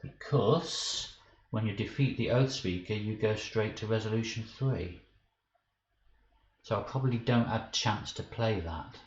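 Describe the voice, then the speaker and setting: A man's voice: fairly low pitch, measured pace. A man streaming a card game live, thinking aloud about his moves and flustered and self-mocking when he slips up. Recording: dull roomy stream audio with faint hiss.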